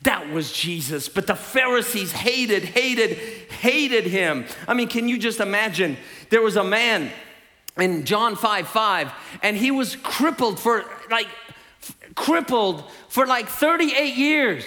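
A Southern man from Tennessee preaches with a high, bright, ringing voice. He tells the story in an animated way, full of playful asides. A long reverb from a large hall trails his words. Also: takes it slowly. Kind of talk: lively sermon.

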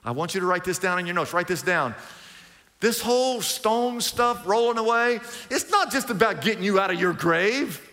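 Animated high-voiced middle-aged preacher. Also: male voice, moderate pace. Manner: animated, colloquial, swings from loud bursts to hushed asides. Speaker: pastor. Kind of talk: sermon. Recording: long hall reverb.

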